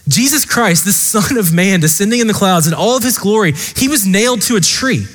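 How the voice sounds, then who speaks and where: Guy preaching hard, high voice, big echoey church hall. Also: expressive, brisk. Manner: earnest, impassioned preaching with repeated direct address. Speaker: pastor. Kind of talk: sermon.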